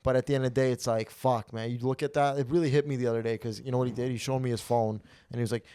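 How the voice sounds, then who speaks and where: A man's voice: medium pitch, rapid-fire, hardly any pauses, clear, resonant tone, no room sound, studio quality. A young man hosting a comedy podcast, telling rambling, profane stories in casual chat. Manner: rambling, profane, animated storytelling. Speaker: podcast host.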